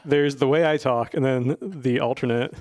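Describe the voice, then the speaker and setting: Playful rambling podcast host. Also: male voice, medium pitch, moderate pace, a little mellow, no room sound, studio quality. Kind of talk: casual podcast chat.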